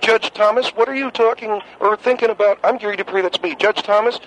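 A man voicing a compulsive male caller who keeps mechanically repeating his own name, earnest and halting. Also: high voice, a bit bright, a little hiss or hum, pitched above the performer's own voice, poor audio. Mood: earnest, fixated.

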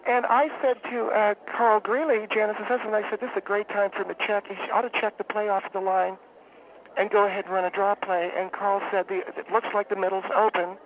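A woman phoning in to a radio show, her voice squeezed thin by the telephone line with a faint hiss behind it. She tells her story in a rambling, halting, deadpan way, pausing and restarting often. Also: medium pitch. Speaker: radio caller. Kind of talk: phone-in storytelling.

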